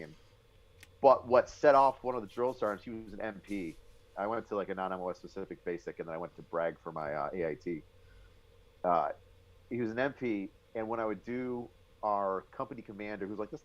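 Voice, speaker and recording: A man from Western New York, a podcast guest telling military stories in an animated way. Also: fairly low pitch, quick pace. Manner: animated storyteller, bursts into impressions. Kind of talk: casual podcast storytelling. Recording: dull lo-fi audio.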